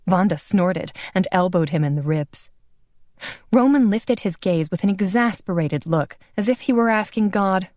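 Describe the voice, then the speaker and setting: A woman narrating an audiobook in an even, unhurried storytelling manner. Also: fairly low pitch, dry recording, studio quality. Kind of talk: scripted narration.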